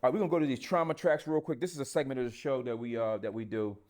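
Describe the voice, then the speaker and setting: A man's voice: medium pitch, fairly even intonation, rapid-fire, darkish tone, soft background music. A man hosting a podcast, talking bluntly in casual chat with plenty of profanity. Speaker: podcast host.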